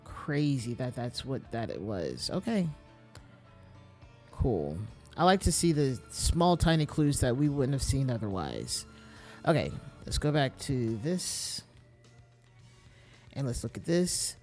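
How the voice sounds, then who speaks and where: A man's voice: medium pitch, very animated, slow pace, long pauses, darkish tone, soft background music. Man streaming a mystery game. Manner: thinks aloud, restarts sentences, reads letters aloud with stumbles. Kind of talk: casual game commentary, reading in-game letters aloud.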